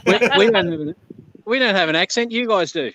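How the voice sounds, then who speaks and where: A man's voice: sits high, animated, brisk, over a noisy crowd. A man with an Australian accent, chatting casually as a guest on a live chat. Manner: laid-back, laughs often, says "yeah, no".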